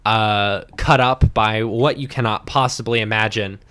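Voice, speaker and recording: A man narrating as game master, unhurried and full of pauses and fillers. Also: on the low side, fairly even intonation, bright, forceful tone, clean tone.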